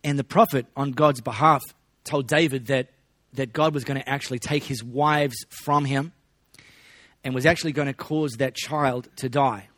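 A man preaching a sermon in a relaxed, conversational way, with joking asides to the congregation. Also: medium pitch, measured pace, no room sound. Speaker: pastor.

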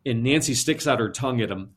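A man telling a story on an interview show, lively, often repeating words as he goes. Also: mid-range voice, quick pace. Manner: lively, repeats words, switches into character voices. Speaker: guest storyteller. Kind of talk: animated spoken storytelling.

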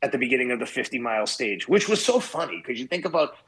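Husky, blunt-talking man in his fifties. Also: medium pitch, quick pace, low-quality recording. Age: 50s. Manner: blunt and profane, animated, acts out quoted dialogue. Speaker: guest, ultramarathon runner. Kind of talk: casual storytelling in an interview.

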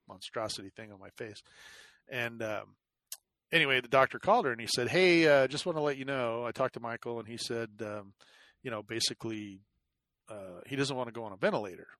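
A man's voice: medium pitch, fairly quick, pushed and bright, dry recording. A man casually recounting a hard personal experience, rambling with lots of fillers and restarts, and a self-deprecating manner. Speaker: guest telling his illness story. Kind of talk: casual conversational storytelling.

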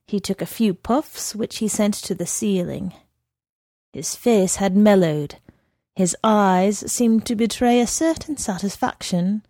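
A woman narrating a story in a measured reading voice. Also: mid-range voice, dark tone, dry recording, clean studio sound. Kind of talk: audiobook reading.

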